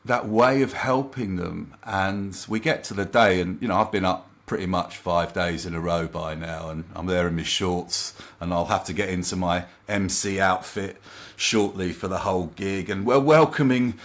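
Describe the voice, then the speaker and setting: A man with a fairly low voice tells a work story as a guest coach in a relaxed interview. He talks in a lively, anecdotal way and slips into other people's remarks as he goes. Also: moderate pace. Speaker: confidence coach and trainer.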